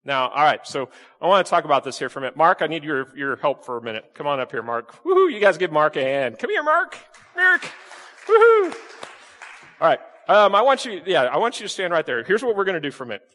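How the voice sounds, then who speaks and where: Lively pastor preaching in a hall. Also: male voice, fairly high pitch, fast talker. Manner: lively, questioning the congregation, playful asides. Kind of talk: sermon. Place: church sanctuary with congregation.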